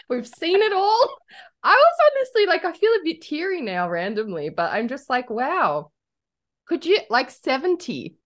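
Young aussie woman co-hosting a podcast, giggly, bouncy lively voice, chatty. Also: very high voice, moderate pace. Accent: Australian. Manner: giggly and effusive, talks over her co-host. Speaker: podcast co-host. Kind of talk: casual chat.

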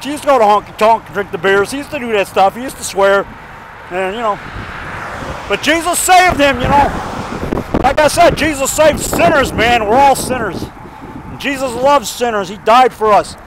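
A man talking in a rambling, folksy, excitable way, mixing songs with preaching, outdoors by a road. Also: very high voice, slight background noise. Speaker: vlogger.

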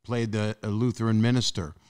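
A man hosting a podcast in casual chat, joking and trailing off softly at the ends of thoughts. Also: lowish voice, level tone, fairly quick, clear, resonant tone. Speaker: podcast host.

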